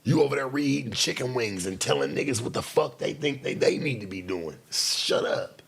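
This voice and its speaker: A man hosting a late-night show, talking in a blunt, profane casual monologue with sudden loud outbursts. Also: medium pitch, lively intonation, fairly quick, gravelly.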